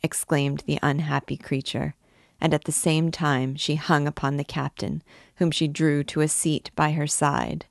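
A woman reading a classic novel aloud in a measured, deliberate way. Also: low voice, level tone, creaky, no room sound, clean studio sound. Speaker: book reader.

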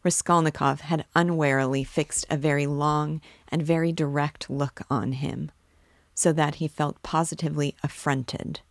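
A woman host reading a classic novel aloud in a measured, steady way. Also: deep voice, dry recording, clean studio sound.

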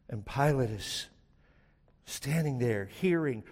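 A man preaching a sermon, retelling a story dramatically, swinging from loud to hushed. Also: medium pitch, moderate pace, long reverb tail. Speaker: pastor.

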